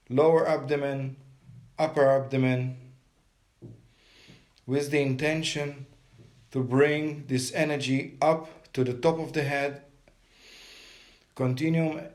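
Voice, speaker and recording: A man leading a guided meditation, giving calm step-by-step breathing instructions. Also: a little high.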